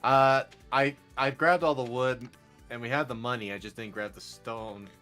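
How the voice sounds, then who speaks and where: A man hosting a casual co-op game stream, playful and quick to laugh, with mock-offended teasing. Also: mid-range voice, steady tone, bright, forceful tone, faint music behind. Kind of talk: casual gameplay chat.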